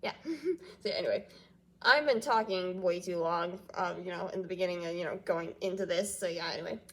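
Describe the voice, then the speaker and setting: A woman's voice: on the low side, a little fast. A stuffy-nosed woman chats through a casual fan reaction vlog, her voice a little nasal from congestion. She rambles freely, circling back on her own sentences with loose fillers. Light giggles keep slipping in between her thoughts. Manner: rambling, with frequent fillers and loops back on itself. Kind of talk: casual chat reacting to TV news.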